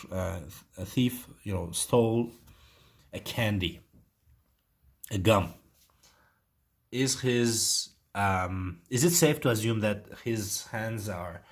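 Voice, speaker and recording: Uzbek-accented guy going over an ielts essay, deep husky voice, lots of ums and restarts. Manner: thinking aloud, hesitant, many fillers and restarts. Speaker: IELTS writing teacher. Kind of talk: explaining an essay correction.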